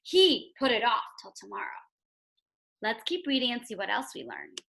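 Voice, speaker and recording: A woman's voice: a little high, normal speed, creaky. A woman teacher reading a storybook aloud and explaining it, asking the listener questions as she goes. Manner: expressive, asks the listener questions. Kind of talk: read-aloud lesson.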